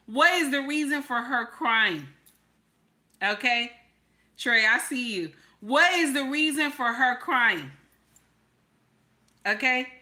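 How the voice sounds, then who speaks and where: A woman's voice: high voice, sharp tone. A woman giving casual reaction commentary, repeating herself with rhetorical questions and exclamations. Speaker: commentary vlogger.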